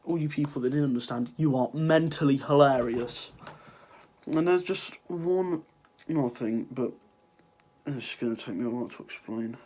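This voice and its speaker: An Irish teenage lad with a cold sniffles through a rambling, sarcastic rant to his viewers in a casual vlog. His voice is mid-range and a little mellow, at a moderate pace, and he swears freely.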